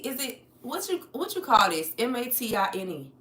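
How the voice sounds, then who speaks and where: A woman's voice: on the high side, sing-song, normal speed, few pauses, bright, forceful tone, distant mic. An American woman chatting loosely with her live-stream viewers from home and swearing casually. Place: home, moving about the room. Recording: roomy sound, voice off the mic.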